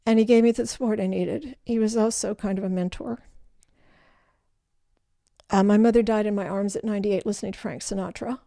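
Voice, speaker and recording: An older woman, the guest in an interview, telling her life story in an animated way and acting out the voices of people in it. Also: medium pitch, a little fast, vocal fry, long pauses, no echo, clean studio sound. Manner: animated storyteller who acts out quoted voices.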